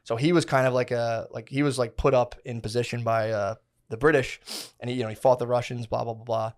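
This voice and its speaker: A man's voice: mid-range voice, flat delivery, fast. A young man co-hosting a podcast, telling a history story in a rambling, slangy, profane way with lots of fillers. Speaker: podcast co-host. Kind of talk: casual podcast chat.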